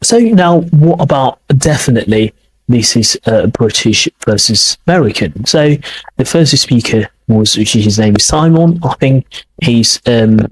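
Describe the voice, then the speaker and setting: A man hosting an English podcast lesson, explaining slowly and repeating words to model their pronunciation. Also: mid-range voice, slight background noise, low-quality recording. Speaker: English teacher, podcast host. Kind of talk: accent lesson commentary.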